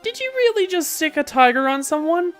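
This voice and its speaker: A woman's voice: extremely high pitch, a little fast, faint music behind, voice pushed up. A woman voicing a bubbly, cheeky teenage girl who is a spirit medium in a video game. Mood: excited. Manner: excitable, teasing.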